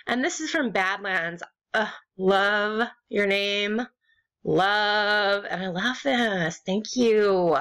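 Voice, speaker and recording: Young American woman, game vlogger, unhurried, gushing and rambling. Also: fairly bright tone. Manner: gushing, rambling, swings between squeals and low mutters. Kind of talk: casual gaming commentary.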